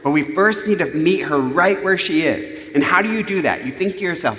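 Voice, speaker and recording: A man speaking from a church platform, his voice sitting a little high and swinging widely as he tells stories and slips into other voices. His delivery is loose and funny, built around everyday talk. The sound carries a long, roomy hall reverb. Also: a little fast, hardly any pauses. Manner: animated, humorous, acts out quoted voices. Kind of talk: conversational sermon on parenting. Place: church sanctuary.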